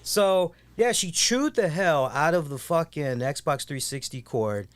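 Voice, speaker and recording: Animated, foul-mouthed male co-host. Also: fairly high pitch, measured pace. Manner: heavy swearing, animated storytelling. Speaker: podcast co-host. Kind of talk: casual chat.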